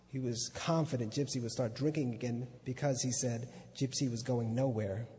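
A man, a magazine editor, reading a literary excerpt aloud at an unhurried pace, now and then stumbling and restarting a word. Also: medium pitch, dark tone. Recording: long reverb of a hall.

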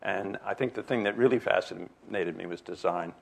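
A man's voice: sits low, normal speed, creaky, slightly rough. A man in his sixties from New Jersey, giving a rambling, anecdote-filled slide lecture with many fillers and restarts. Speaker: jewelry expert giving a lecture.

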